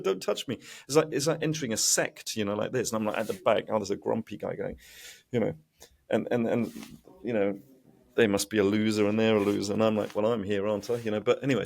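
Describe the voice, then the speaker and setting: Animated man telling stories in an interview. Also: fairly low pitch, fast talker, gravelly. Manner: animated, acts out quoted voices. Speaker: guest, investment educator. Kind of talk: podcast interview storytelling.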